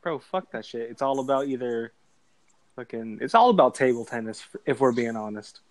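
A man on a casual podcast who jumps in with quick, mock-indignant interjections. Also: medium pitch, expressive, dry recording. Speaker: podcast guest.

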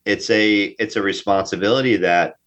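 Being interviewed casually, a New Jersey actor talks with emphasis and frequent repetition. He has a lowish, fairly bright voice at a moderate pace, and the recording sounds dull and lo-fi.

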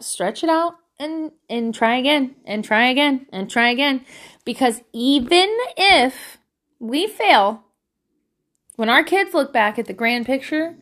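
Chatty, candid mom with a bright voice. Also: female voice, high-pitched. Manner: chatty and candid, laughs often, swears casually. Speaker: parent sharing advice. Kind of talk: casual parenting vlog monologue.

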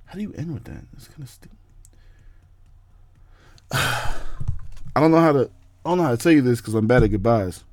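A man's voice: animated, normal speed, pauses often, darkish tone, no room sound. A young man hosting a casual podcast, ranting in a rambling, profane way. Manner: profane, rambling, jumpy pitch. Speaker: podcast host. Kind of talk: casual rant monologue.

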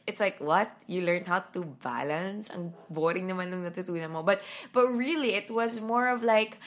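A woman's voice: on the low side, a bit bright. A young Filipino woman with a Filipino accent, hosting her own solo podcast at home in a groggy morning voice, talking candidly and rambling with self-deprecating asides. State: groggy morning voice after little sleep. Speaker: podcast host.

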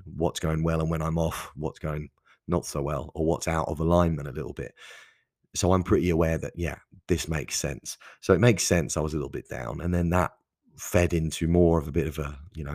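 A man's voice: a little mellow, no room sound, studio quality. A man hosting a solo podcast, talking candidly and conversationally with frequent restarts and asides. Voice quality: gravelly, husky low voice. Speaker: podcast host. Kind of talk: casual solo podcast monologue.

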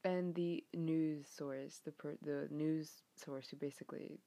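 Exasperated young woman ranting, low voice. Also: steady tone, measured pace, vocal fry, warm tone. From United States. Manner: frustrated, exasperated, swearing. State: voice getting hoarse. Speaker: vlogger. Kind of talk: rant vlog.

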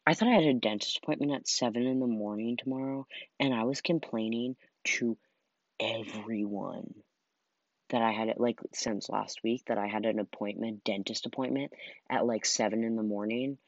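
A tired young man talks through a casual solo podcast, rambling, trailing off and leaning on "like" constantly. His voice sits at a middling pitch. The recording is dull, lo-fi and dry, with no room sound. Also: gravelly, no room sound. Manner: rambling, heavy use of "like", trails off.

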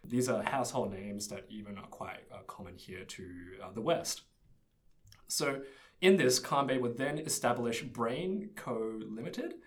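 A man's voice: medium pitch, lively intonation, measured pace. A young man telling a story in casual chat, easygoing and laughing often. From Australia. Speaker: presenter.

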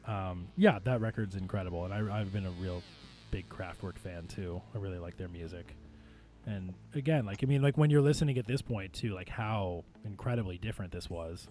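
A man's voice: low voice, brisk, dark tone. A man hosting a casual music podcast, talking in a rambling way with lots of fillers and easy laughter. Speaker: podcast host ranking albums. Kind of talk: casual chat.

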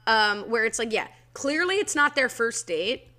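Woman co-host, bright forceful tone, slightly high, quick and laughing, steers the chat. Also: very animated. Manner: quick, laughing, leads the discussion. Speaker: podcast co-host. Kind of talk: casual chat recapping a TV episode.

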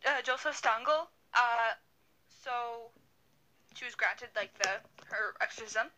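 Young woman podcast co-host, bright and a bit high, chatty and rambling, on a video call. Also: slow, a little hiss or hum, low-quality recording. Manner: rambling, many fillers and restarts. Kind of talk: casual storytelling chat.

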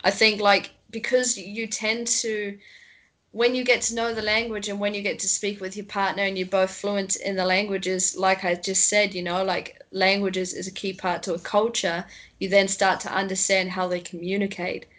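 A woman's voice: medium pitch, little pitch movement, moderate pace, fairly bright tone, poor audio. Woman chatting casually, rambles a lot, says "you know" constantly. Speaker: conversation partner. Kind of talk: casual chat.

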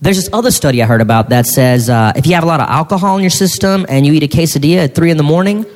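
A man performing a stand-up comedy routine, animated, with mock-shouting asides. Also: on the high side, rapid-fire. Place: comedy stage before an audience. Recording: live hall with reverb, faint noise.

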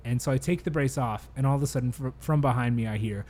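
A man's voice: mid-range voice, quick pace, warm tone, a little hiss or hum. A young man from Colorado, co-hosting a podcast and telling casual, rambling stories full of fillers and laughter. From Colorado, USA. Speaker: podcast co-host. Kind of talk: casual chat.

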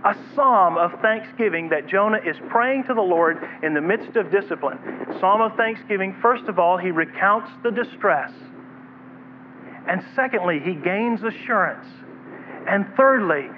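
A man's voice: sits high, expressive, a little slow. A man preaching a sermon, retelling a scripture story and voicing its figures. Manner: preaching with acted quotes of God and Jonah. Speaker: pastor. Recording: tinny phone-like broadcast with faint hiss.

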